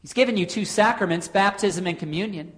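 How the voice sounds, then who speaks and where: A woman preaching a sermon in an earnest way, posing rhetorical questions with dramatic pauses. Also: medium pitch.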